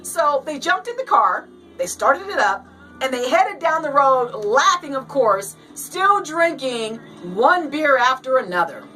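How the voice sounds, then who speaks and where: Host, female, high and lively, reads jokes with put-on voices, off-mic with faint music. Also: a little slow, far from the mic, rough recording. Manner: animated, laughs often, acts out voices while reading. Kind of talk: casual show talk and joke reading.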